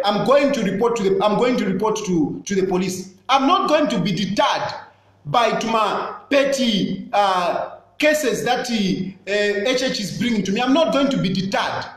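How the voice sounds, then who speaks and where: Fiery Zambian man in an echoey room. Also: extremely high pitch. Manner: repetitive, accusatory, insistent. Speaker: politician. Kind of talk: impassioned political address.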